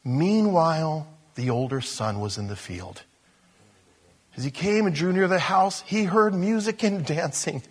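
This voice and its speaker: A man preaching a conversational sermon, swinging between loud emphasis and soft asides. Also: a little high, lively intonation, a little slow, husky.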